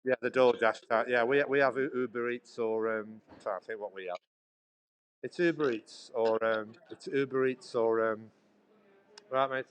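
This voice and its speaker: A man's voice: medium pitch, fairly even intonation, normal speed, clean tone, poor audio. A man chatting casually on a walking vlog, rambling and restarting his sentences, filming on a handheld phone outdoors and then inside a coffee shop. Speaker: vlogger.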